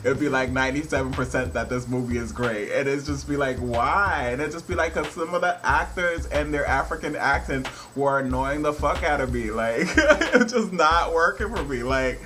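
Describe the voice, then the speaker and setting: Bright, laughing, foul-mouthed man ranting. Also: mid-range voice, normal speed, hardly any pauses, slight background noise. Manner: laughs often, swears freely, rambling with many fillers. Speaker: film reviewer. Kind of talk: casual vlog review.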